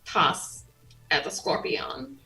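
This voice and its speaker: A woman's voice: slow pace, sharp tone, faint music behind, poor audio. A woman playing a tabletop game, giggly and a little hesitant, playful. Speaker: player. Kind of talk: casual tabletop play.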